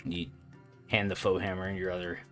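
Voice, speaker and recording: A man's voice: low-pitched, little pitch movement, brisk, fairly bright tone, faint music behind. A man narrating a tabletop game as dungeon master, talking casually with lots of fillers.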